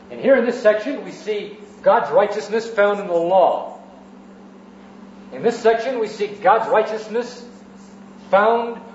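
A man's voice: high-pitched, a little mellow, a little hiss or hum. A man preaching an evening sermon in a church, teaching in orderly sections and repeating key phrases for emphasis. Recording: roomy, muffled church recording.

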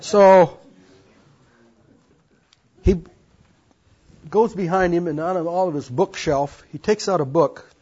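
An older man earnestly tells his life story to an audience as personal testimony, adding folksy asides. His high voice is slow, mellow, and husky with long pauses, on a dull lo-fi recording.

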